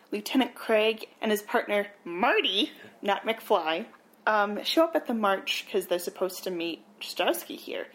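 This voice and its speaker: A woman co-hosting a podcast walks through a film's plot in casual chat. Her storytelling is animated, and she drops wry asides along the way. She sounds relaxed and conversational. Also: mid-range voice. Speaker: podcast co-host. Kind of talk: casual movie recap.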